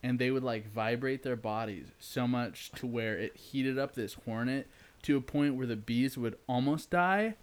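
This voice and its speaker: A man's voice: mid-range voice, moderate pace, smooth. A man hosting a casual chat with friends, rambling with lots of fillers and frequent laughs.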